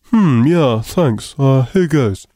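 A man's voice: medium pitch, expressive, slow, dark tone, no room sound, studio quality. A man playing an awkward, apologetic academic radio guest. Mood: hesitant. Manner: hesitant, apologetic.

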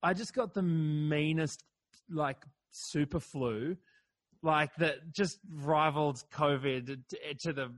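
A comedian from Australia chatting casually, rambling and self-deprecating, swearing now and then. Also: male voice, a little high, fairly bright tone, dry recording. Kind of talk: casual chat.

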